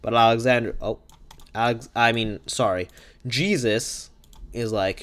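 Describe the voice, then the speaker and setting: Man, mid-pitched, rambling improv storyteller, goofy and loose. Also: normal speed, fairly bright tone. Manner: rambling, silly, self-correcting. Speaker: podcast host.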